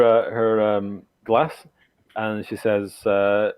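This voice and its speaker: A man narrating as game master in a tabletop game, halting, with many restarts. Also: lowish voice, little pitch movement, a little mellow, smooth, poor audio. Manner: halting, full of fillers and restarts.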